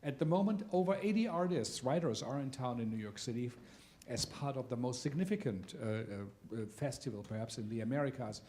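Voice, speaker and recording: A man who directs a theater center, giving a welcome speech to an audience in a theater, halting often with filler sounds. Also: medium pitch, expressive, mellow, slight background noise. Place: theater venue.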